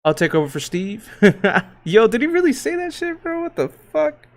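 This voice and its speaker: A man hosting a casual livestream, reading out market moves in a loose, joking, profane, slangy way with hype shouts. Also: very high-pitched, sing-song, normal speed. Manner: hype shouts and laughs while reading tickers. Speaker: crypto livestream host.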